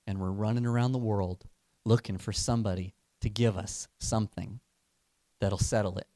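Man preaching with lively storytelling. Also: lowish voice. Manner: animated, building excitement in the story; slows down and softens for emphasis. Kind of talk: sermon with storytelling.

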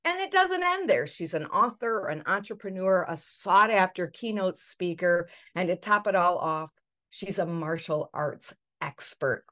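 A woman's voice: fairly low pitch, a little slow, pushed and bright. A woman hosting a podcast interview, giving upbeat, effusive introductions. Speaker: podcast host.

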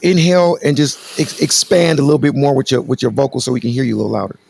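A man's voice: medium pitch, fairly even intonation, fast talker, creaky, darkish tone. A man hosting a live call-in talk show, slangy and teasing, calling his callers brother. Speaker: host.

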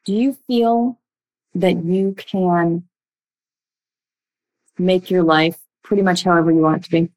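A young woman coaching listeners on relationship patterns in a blunt, emphatic way, with sudden shifts between quick bursts and slow, drawn-out words. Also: fairly low pitch, fairly even intonation, darkish tone, poor audio. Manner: blunt, emphatic, speeds up and slows down a lot. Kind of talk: direct-to-listener coaching talk.

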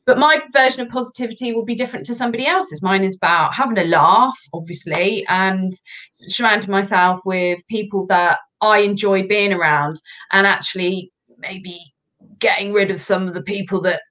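Female guest, animated and candid, heard over dull lo-fi audio. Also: mid-range voice, normal speed. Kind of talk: casual chat.

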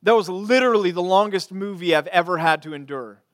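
A man preaching a sermon as pastor, earnest, repeating phrases and swinging from quiet to emphatic. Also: high-pitched, brisk, no echo, studio quality.

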